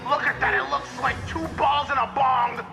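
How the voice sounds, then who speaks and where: Eggman as a gravelly ranting villain. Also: extremely high pitch, little pitch movement, moderate pace, exaggerated voice. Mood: ranting, crude. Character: boastful mad scientist villain, gruff middle-aged man. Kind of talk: improvised fan dub. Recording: music loud under the voice. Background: loud music.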